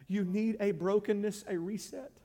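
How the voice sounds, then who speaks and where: High-voiced preaching man, loud to hushed. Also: steady tone, moderate pace, in a large hall. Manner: preaching with big swings from loud shouting to hushed pleading. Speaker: pastor. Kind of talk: sermon.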